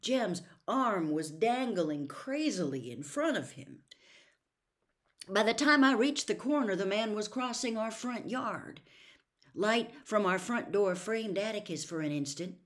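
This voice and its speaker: A woman reading a novel aloud in a slow, measured, hushed storytelling voice. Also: mid-range voice, expressive. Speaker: story reader.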